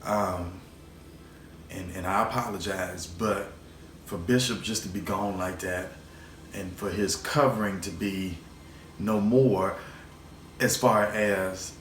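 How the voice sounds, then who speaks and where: A man's voice: sits low, steady tone, slow pace, pauses often. A man hosting his own vlog, telling a personal story in a rambling, emotional way, repeating words and swearing now and then. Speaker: show host. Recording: roomy echo, faint background noise.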